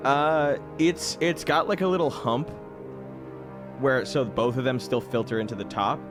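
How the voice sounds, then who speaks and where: A man's voice: medium pitch, unhurried, over music. A man running a tabletop game as game master, narrating casually with rambling and frequent laughs.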